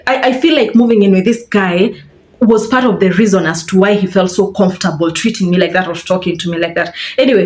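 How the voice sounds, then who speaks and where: Kenyan woman telling an animated storytime. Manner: animated, switching between English and Swahili slang, acts out quotes in a high voice. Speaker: vlogger. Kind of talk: casual storytime while getting ready.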